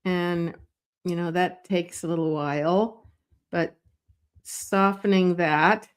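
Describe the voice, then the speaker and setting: A woman with a lowish, clean voice draws live and talks it through slowly, in a loose, unpolished way like a teacher sketching next to you. She thinks aloud, wanders, corrects herself, restarts sentences and tosses small asides to viewers. She stays relaxed and chatty, with the occasional light laugh.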